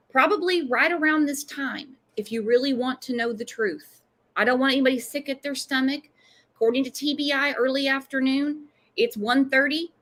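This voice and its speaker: Host: woman with a high voice for true-crime commentary, emphatic and pointed. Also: a bit bright. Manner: emphatic, pointed, quick-talking.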